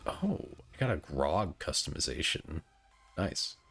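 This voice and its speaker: A man's voice: extremely low pitch, very animated, measured pace, vocal fry, a bit bright. A man chatting casually with his stream audience, rambling and stop-start as he reads out the chat. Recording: faint music behind.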